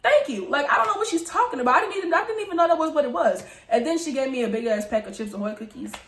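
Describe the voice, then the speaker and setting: A young woman telling a storytime on her channel, talking casually with lots of swearing and loud acted-out quotes. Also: high-pitched, very fast, roomy sound. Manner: animated, profane, jumps into loud acted-out quotes. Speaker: storytime vlogger.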